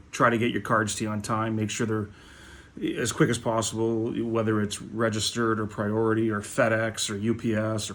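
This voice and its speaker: Profane ranting man. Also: lowish voice. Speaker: hockey card seller. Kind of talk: casual ranting vlog.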